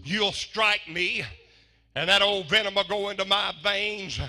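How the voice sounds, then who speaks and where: A man's voice: high-pitched, steady tone, measured pace, pushed and bright, exaggerated voice. A man voicing a wary old male frog in a folksy spoken fable.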